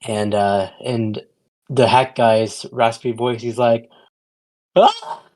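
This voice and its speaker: A man's voice: medium pitch, flat delivery, slow, darkish tone. A man co-hosting a casual podcast about horror films, speaking hesitantly with many fillers and restarts. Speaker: podcast co-host. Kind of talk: casual movie-review chat.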